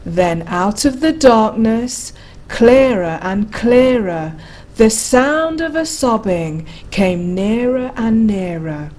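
A woman reading a rhyming bedtime picture book aloud in a slow, rhythmic way. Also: a little high, lively intonation, darkish tone. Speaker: narrator.

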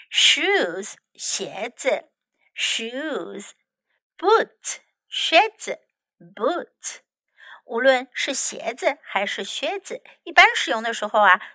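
A woman English teacher reading a children's story aloud and then teaching words from it, slowly and carefully. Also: fairly high pitch, sharp tone, no echo.

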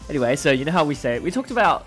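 Man, co-host, casual chat, relaxed, laughs often, faint music behind. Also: on the high side, very fast. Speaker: podcast co-host.

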